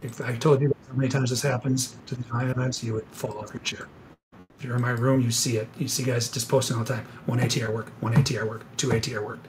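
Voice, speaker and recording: A man giving live trading commentary on a webinar, excitable and sarcastic, rambling with self-corrections, a little out of breath. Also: medium pitch, fast talker, noisy background. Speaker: futures trader presenting a live webinar.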